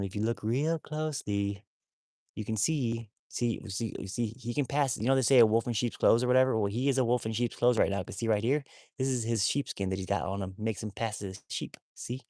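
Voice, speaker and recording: A man's voice: on the low side, brisk, a little mellow, no echo, clean studio sound. A man chatting casually on a phone livestream about his wolfdogs. He rambles, repeats himself and talks to viewers as y'all.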